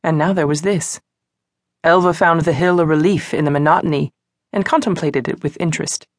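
A woman narrating a mystery novel for an audiobook, with a lowish voice and a measured, even delivery. She is close to the mic, and the studio sound is dry. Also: no echo. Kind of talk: scripted narration.

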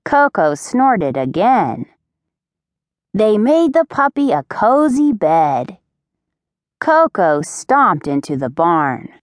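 A woman narrating a children's audiobook in slow, clear, expressive storytelling on a close studio mic. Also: mid-range voice, dry recording.

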